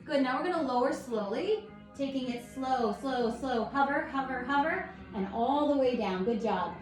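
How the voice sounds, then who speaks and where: Calm, encouraging woman leading yoga. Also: sits high, moderate pace. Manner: calm, encouraging, gently instructive. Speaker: yoga instructor. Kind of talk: guided yoga class. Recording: echoey room with faint music.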